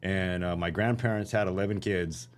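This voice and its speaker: Deep-voiced profane storytelling man. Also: fairly even intonation, normal speed. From San Jose, California. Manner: profane, rambling storyteller with many fillers. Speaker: podcast guest. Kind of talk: casual podcast conversation.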